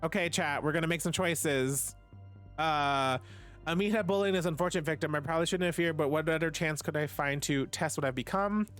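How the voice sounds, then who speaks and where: A man streaming live, reading a game's story text aloud in a casual way and breaking off for quick asides to his chat. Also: on the high side, a bit bright, faint music behind.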